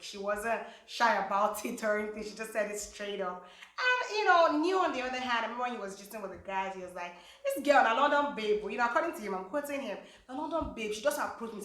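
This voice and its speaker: Woman, gossipy casual chat, mid-pitched voice, echoey room. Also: a bit bright. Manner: chatty, gossipy, many fillers. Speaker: vlogger reviewing reality show contestants.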